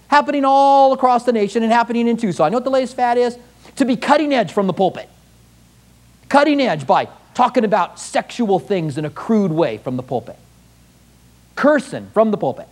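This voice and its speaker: Fervent preaching man, high, lively pitch. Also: moderate pace. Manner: fervent, pointed rhetorical questions. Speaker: pastor. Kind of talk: sermon. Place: church.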